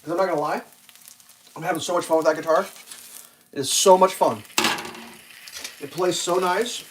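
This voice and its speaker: A man's voice: high-pitched, normal speed, slight background noise. A man casually rambling through a story on a live stream, swearing freely and acting out what others said in a raised voice. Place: home kitchen while cooking.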